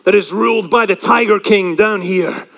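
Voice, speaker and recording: A man imitating a commanding male starship captain in a put-on American accent, with halting, dramatic pauses. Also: high-pitched, creaky, a bit bright, in a large hall.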